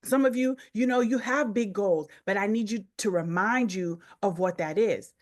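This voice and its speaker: A woman's voice: mid-range voice, normal speed. A woman leads a motivational coaching session over a group call. She drives her points home through repetition and direct appeals to her listeners, with a voice in the middle of the usual range. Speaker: business coach.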